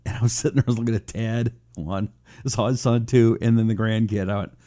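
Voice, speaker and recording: A man's voice: on the low side, fairly even intonation, fairly quick, dark tone. A man hosting a political talk radio show, rambling casually, joking at his own expense and reading listener comments aloud.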